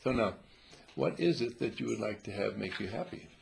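Gravelly man giving a rambling spiritual talk. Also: on the low side, expressive, fairly quick. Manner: rambling, questioning, acts out quoted voices. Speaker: monastery teacher. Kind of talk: informal spiritual talk to a group.

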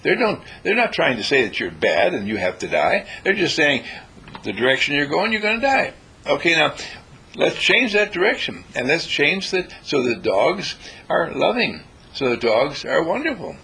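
A man giving a motivational talk, animated and acting out little dialogues in changing voices. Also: on the high side, normal speed, slightly rough, poor audio. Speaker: inspirational speaker.

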